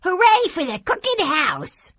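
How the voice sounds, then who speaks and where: A woman's voice: high voice, unhurried, no echo, studio quality, pitched above the performer's own voice, exaggerated voice. A woman voicing an eager, cheerful little boy in a storybook reading. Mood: excited. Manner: excited, sing-song.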